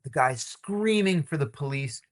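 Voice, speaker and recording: Lively storytelling middle-aged man. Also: on the high side, unhurried. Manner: lively, wry, acts out the people in his stories. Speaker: former intelligence officer, guest. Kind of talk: animated storytelling in an interview.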